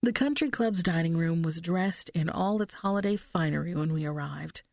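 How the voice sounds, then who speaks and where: Reading a first-person mystery novel for an audiobook, a woman narrates steadily and with measured care into a close studio mic. Her voice sits lowish and creaky, and the recording is dry.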